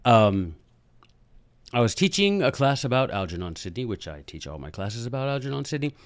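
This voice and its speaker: A man hosting a podcast, telling a story in a chatty, animated way with jokey asides. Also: mid-range voice, fairly quick, no echo. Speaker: podcast host and teacher. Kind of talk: casual storytelling monologue.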